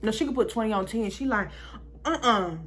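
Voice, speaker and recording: A woman's voice: a little high, fast talker. A young woman vlogger telling a story in a casual, chatty way, talking straight to her viewers.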